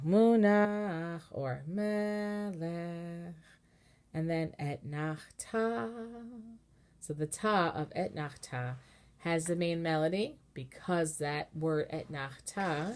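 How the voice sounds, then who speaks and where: Woman, cantor, lowish voice, patient step-by-step teaching, short chanted examples. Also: unhurried. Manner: patient, explanatory, breaks into short chanted phrases. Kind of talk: informal online lesson with sung examples.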